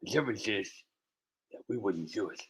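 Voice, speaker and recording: A man's voice: fairly low pitch, expressive, fairly quick, a little hiss or hum, low-quality recording. A man hosting a casual livestream, rambling and joking as he reads out viewers' names, laughing often and a bit tipsy. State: tipsy from wine. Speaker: livestream host.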